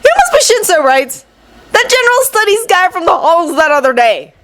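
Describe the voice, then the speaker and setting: A woman's voice: very high-pitched, very animated, normal speed, fairly bright tone, pitched above the performer's own voice, full character voice. A woman reader voicing a brash, cheerful teenage boy who talks in a chummy, confident way. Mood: cocky.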